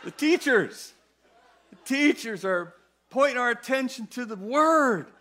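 A man preaching a sermon in a church, animated and playful, with emphatic, sudden loud bursts. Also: very high voice, a little slow. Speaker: guest preacher.

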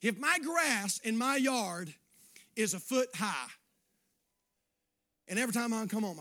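A preacher man with a very high, bright voice. He preaches in a folksy way, sliding from hushed asides up to shouted appeals. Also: animated, unhurried, pauses often. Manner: folksy, swings between quiet asides and shouting. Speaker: pastor. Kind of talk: sermon.

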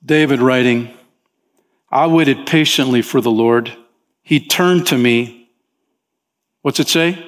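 A man preaching as a pastor, talking with the congregation in an easygoing way and often saying "man", and his pitch rises sharply when he voices desperate pleas. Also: slow pace, long pauses. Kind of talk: sermon. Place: church sanctuary. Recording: long hall reverb in a church.

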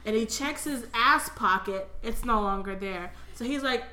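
Young woman swearing thru a book recap, bright sharp voice, kinda highish, echoey room. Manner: crude, animated retelling with quick voiced asides. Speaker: podcast co-host recapping a book. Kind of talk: casual profane chat.

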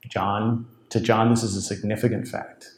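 A man's voice: on the low side, little pitch movement, normal speed, roomy sound. A man preaching a sermon, telling the story with animation and voicing the people in the text. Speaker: pastor.

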